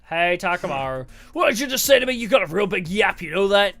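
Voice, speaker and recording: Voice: medium pitch, sing-song, fast talker, vocal fry, a bit bright. A streamer doing a hotheaded young brawler. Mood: aggressive. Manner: swaggering, profane trash talk. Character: brash hotheaded young male fighter.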